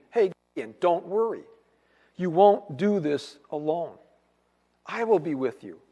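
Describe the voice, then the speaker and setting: A male pastor with a high, light voice delivers a conversational sermon, slipping into the voices of the people he quotes. His words ring out with a long reverb from the church hall around him. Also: dark tone. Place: church sanctuary.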